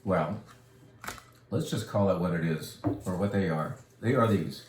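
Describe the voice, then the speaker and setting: A man's voice: low-pitched, a little slow, darkish tone, a little hiss or hum. Chatty wine-shop man, echoey room. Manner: enthusiastic, rambling, jokey asides. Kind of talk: casual product talk and wine tutorial.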